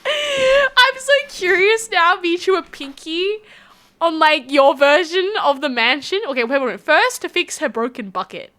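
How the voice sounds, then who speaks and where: A woman with an Australian accent, chatting casually on a live stream, reading out chat messages with a giggly, animated manner. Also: very high voice, moderate pace.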